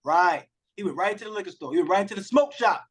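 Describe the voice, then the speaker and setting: A man's voice: sits high, lively intonation, quick pace, breathy edge. A man hosting an online accountability call, speaking with passion and talking straight to the group about mindset and selling. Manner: passionate, emphatic, addresses the group directly. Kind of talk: motivational coaching talk. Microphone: video call.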